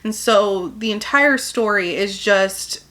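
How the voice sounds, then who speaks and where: A woman talks through a novel's story for her viewers, chatty and loose, leaning on "like" between thoughts. Her voice is bright and forward, at a middle pitch for a woman. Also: slow. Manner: chatty, peppered with "like", acts out quotes. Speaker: book reviewer. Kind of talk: casual plot summary.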